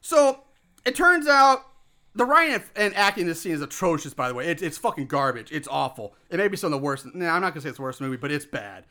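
A man hosting a casual movie review podcast, ranting excitably and swearing a lot. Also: a little high, fast talker. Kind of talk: casual chat.

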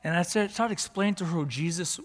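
Man, pastor, storytelling sermon, slightly high voice, long church reverb. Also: quick pace. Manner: conversational, building to fervent emphasis; mixes in Japanese phrases.

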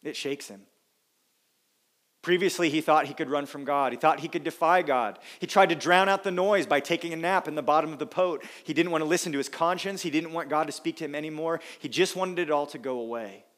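A man delivers a sermon in an earnest, emphatic manner, and his voice sits a little higher than most men's. He slows down and pauses for weight, then presses points home with repetition. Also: fairly bright tone. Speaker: preacher.

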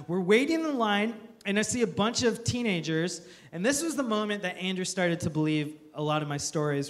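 Delivering a sermon, this male pastor, whose voice sits high, leans on stories full of lively humor at his own expense. He drives his points home with earnest emphasis.

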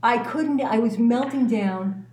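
Candid, animated woman telling a story. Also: fairly high pitch, takes it slowly, echoey room. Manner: candid, self-mocking, animated, swears freely. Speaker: guest. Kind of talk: casual personal storytelling.

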